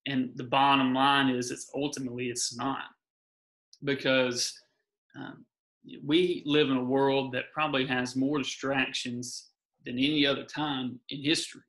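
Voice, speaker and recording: Bright-voiced man giving earnest encouragement. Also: mid-range voice, flat delivery, unhurried, rough recording. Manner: encouraging, repeats key phrases. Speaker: guest. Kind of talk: earnest faith talk.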